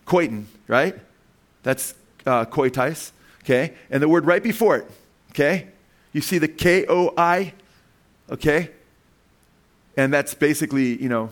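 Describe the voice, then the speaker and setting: A man preaching a sermon to his congregation, pausing to ask questions and walk them through slides word by word, with frequent "okay" and "right". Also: medium pitch. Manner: emphatic, asks the congregation questions. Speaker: pastor.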